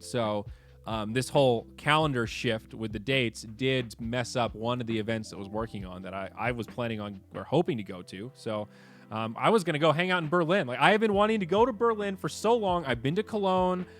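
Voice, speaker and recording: A man hosting a casual livestream chat, animated and swearing, moving between low mutters and excited outbursts. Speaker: streamer host.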